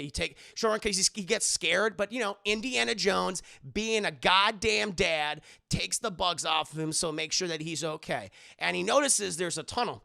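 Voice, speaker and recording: A young man with a gravelly, bright and high-set voice, retelling a film to his chat. He speaks into a close mic in a dry room. He breaks into a different voice for each character, and he swears freely. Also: normal speed, hardly any pauses, no room sound. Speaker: streamer reviewing a movie. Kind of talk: animated retelling to a live chat.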